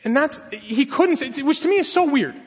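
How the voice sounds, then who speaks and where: A man preaching a sermon, retelling a story and acting out each character's pleading and complaints in lively voices. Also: extremely high pitch, moderate pace. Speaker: pastor. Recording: reverberant hall.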